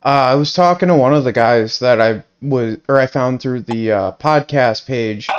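A man's voice: medium pitch, moderate pace, smooth, highs cut off. A man co-hosting a podcast in casual chat, laid-back and steering the talk to the next topic. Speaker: podcast co-host.

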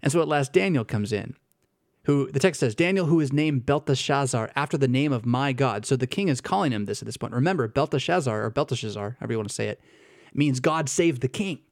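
A man teaching on scripture in an animated, talky way. He repeats words as he thinks aloud and keeps asking "right?" His voice sits at a middling pitch, and the sound is dry and close. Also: quick pace, creaky, no room sound. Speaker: Bible teacher. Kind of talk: conversational Bible teaching with scripture reading.

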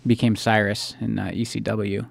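A man's voice: fairly low pitch, flat delivery, normal speed, vocal fry. A man co-hosting a podcast, chatting casually and jokingly, rambling and swearing offhand. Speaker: podcast co-host. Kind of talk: casual chat.

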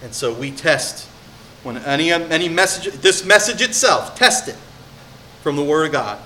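A male pastor preaching a sermon in a conversational way, swinging from hushed personal storytelling to emphatic, rising exhortation. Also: a little high, lively intonation, normal speed, slight background noise.

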